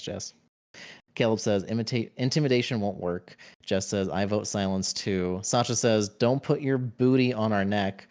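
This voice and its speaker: A man's voice: on the low side, darkish tone. A man streaming a game, casually reading viewers' chat messages aloud and adding playful, jokey asides. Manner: playful, jokey asides between read-outs.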